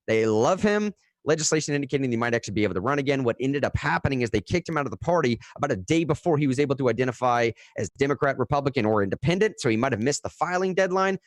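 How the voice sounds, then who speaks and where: A young man hosting a radio news show, giving live, casual commentary that turns animated and full of restarts. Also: medium pitch, no echo, clean studio sound. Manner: casual and animated, frequent "dude" and "man", restarts when worked up. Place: radio studio.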